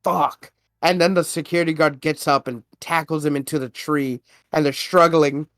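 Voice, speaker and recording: A man's voice: on the high side, fairly even intonation, moderate pace, a bit bright, dry recording. A man co-hosting a podcast, casually retelling a movie plot, laughing often and acting out the characters' lines. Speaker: podcast co-host.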